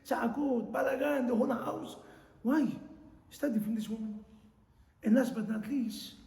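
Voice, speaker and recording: A man, a rabbi telling animated stories in a sermon, mixing Hebrew phrases into his English. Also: very high-pitched, moderate pace, vocal fry. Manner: animated storyteller, mixes Hebrew into non-native English. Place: synagogue hall. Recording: echoey hall, roomy sound.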